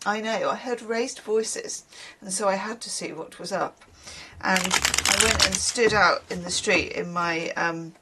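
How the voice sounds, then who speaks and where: A woman's voice: medium pitch, a bit bright, a little hiss or hum. A woman, a tarot reader chatting casually to camera, rambling with wry asides.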